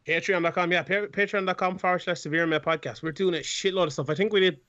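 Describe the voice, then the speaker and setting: A man's voice: sits high, steady tone, fast, sharp tone, no echo, dull audio. A man guesting on a podcast, talking in casual swearing banter. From Ireland.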